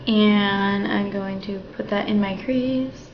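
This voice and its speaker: A young woman walking through a makeup tutorial in a chatty, relaxed way at home. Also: mid-range voice, takes it slowly, a little hiss or hum. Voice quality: chatty, relaxed, thinking aloud. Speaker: beauty vlogger. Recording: dull, slightly roomy home recording.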